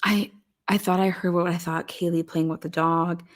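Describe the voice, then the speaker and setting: A woman's voice: fairly low pitch, flat delivery, moderate pace, close to an everyday voice. A flustered young woman witness, as a woman puts her on in mockery answers in a hesitant, stumbling way. She sounds evasive and vague and keeps restarting her sentences. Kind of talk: mocking role-play.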